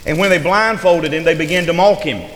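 Preaching a little fast, a man with a slightly high voice moves in a rise-and-fall sermon cadence, leaning hard on many of his words. Long reverb from an echoey hall fills the recording, along with faint noise.

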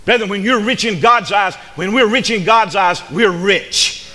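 Male preacher, higher voice, emphatic sermon delivery with hushed asides, church hall reverb. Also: moderate pace. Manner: emphatic preaching, repeats words, swings between loud and hushed.

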